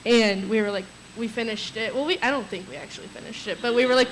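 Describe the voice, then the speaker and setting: A woman's voice: on the high side, fast, few pauses, slight background noise, rough recording. A young woman sharing nervous, chatty memories of a friend at a memorial, laughing through her stories. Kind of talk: memorial tribute, storytelling.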